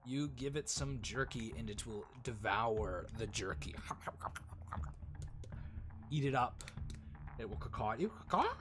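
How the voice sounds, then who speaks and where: Rambling man narrating a tabletop game. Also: on the low side. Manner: halting, filler-heavy narration. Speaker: dungeon master. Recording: music playing behind.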